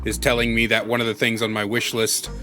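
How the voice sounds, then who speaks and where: A man in casual gameplay commentary, talking in a rambling, chatty way with a bright, forceful tone. Soft game music plays underneath him. He breaks into panicked pleading now and then. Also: medium pitch, completely flat delivery, brisk. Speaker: Minecraft let's play host.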